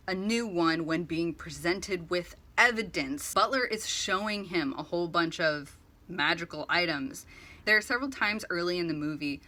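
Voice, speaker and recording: Woman, bright forceful tone, lowish pitch, casual rambling commentary, acts out quotes. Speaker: video essay host. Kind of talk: casual book-versus-movie commentary.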